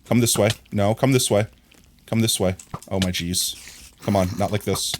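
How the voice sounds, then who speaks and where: A man's voice: fairly low pitch, normal speed, a little hiss or hum. Frantic male game streamer. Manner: excitable, frantic, talks to himself while playing. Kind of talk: live gameplay commentary.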